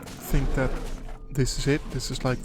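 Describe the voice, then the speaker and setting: A man's voice: medium pitch, flat delivery, unhurried. Rambling young man muttering over gameplay. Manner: rambling, half-muttered asides, swears when dying in game. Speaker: gaming channel host. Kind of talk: casual let's-play commentary. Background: background music.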